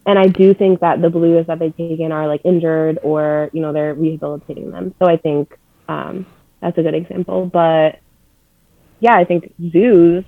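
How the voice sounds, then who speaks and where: A young woman in casual chat, talking fast with lots of fillers, blunt and swearing freely. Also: sits low, steady tone, no room sound, narrow, tinny audio.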